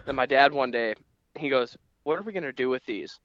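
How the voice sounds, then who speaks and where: A man's voice: mid-range voice, animated, fairly quick, a bit bright, dry recording, highs cut off. A young man co-hosting a podcast, telling rambling stories full of fillers in casual chat. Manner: rambling storyteller, many fillers. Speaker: podcast co-host.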